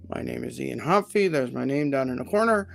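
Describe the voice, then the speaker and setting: A man's voice: medium pitch, expressive, moderate pace, gravelly. A man in his forties hosting a casual live stream from home, rambling and joking at his own expense. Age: 40s. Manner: rambling, self-deprecating and joking. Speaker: livestream host, HR consultant.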